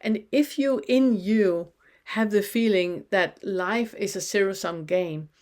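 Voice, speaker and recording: A woman teaching a spiritual lesson, speaking slowly and gently in questions, often pausing to let listeners feel into an experience. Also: medium pitch. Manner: slow, gentle questioning with pauses.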